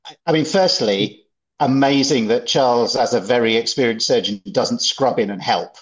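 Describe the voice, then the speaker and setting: A man co-hosting a podcast, calmly explaining medical details in a thoughtful, measured way. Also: mid-range voice, muffled recording. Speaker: podcast co-host with medical expertise. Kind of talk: casual explanatory chat.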